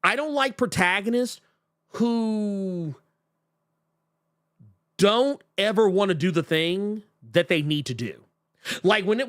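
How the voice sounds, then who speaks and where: Animated, profane male podcast co-host. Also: high-pitched, unhurried, long pauses. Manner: animated, profane, acts out characters mockingly. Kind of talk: casual chat.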